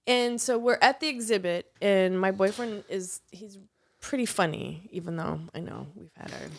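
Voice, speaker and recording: A woman co-hosting a podcast, telling an animated, foul-mouthed story in casual chat. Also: mid-range voice, moderate pace, gravelly. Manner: animated storytelling, swears freely. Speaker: podcast co-host.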